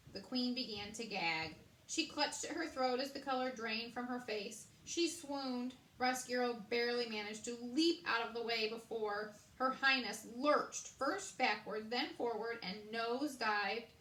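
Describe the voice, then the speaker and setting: A woman reads a children's chapter book aloud, animated and chatty, stopping to talk to her listeners. Her voice is fairly high and bright, with a roomy echo around it. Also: a little hiss or hum. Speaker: storybook reader. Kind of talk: read-aloud narration with commentary.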